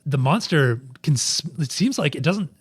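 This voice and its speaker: A man's voice: on the high side, lively intonation, moderate pace, slightly rough, no echo, studio quality. A man narrating as game master in a tabletop game, rambling and searching for words.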